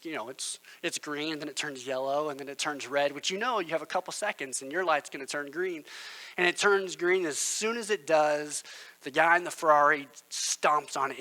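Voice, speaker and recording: A man's voice: a little high, bright, forceful tone, rough recording. A male pastor, preaching a sermon in an earnest, conversational storytelling manner.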